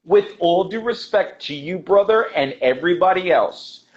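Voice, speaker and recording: An American man with a high voice speaks emphatically as a guest on a video call, pressing his points and repeating them for weight. He is an English teacher who calls his host brother. The audio is dull and lo-fi, as call audio often is. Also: expressive, normal speed, hardly any pauses. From United States. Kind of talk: passionate interview talk.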